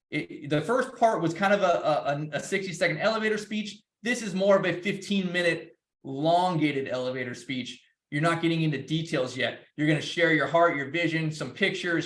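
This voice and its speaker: A man's voice: fairly high pitch, fairly quick, a bit bright, echoey room. A man speaking in a loose, rambling way, with many restarts, as a guest speaker. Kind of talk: casual presentation.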